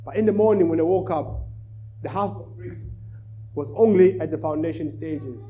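A man preaching to a church, telling a children's story with lively energy. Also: fairly high pitch, moderate pace, highs cut off, slight background noise. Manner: animated storyteller, rising in volume. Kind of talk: sermon with storytelling.

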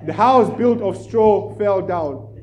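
A man preaching to a church, telling a children's story with lively energy. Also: high voice, slow, soft background music, low-quality recording. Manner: animated storyteller, rising in volume. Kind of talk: sermon with storytelling.

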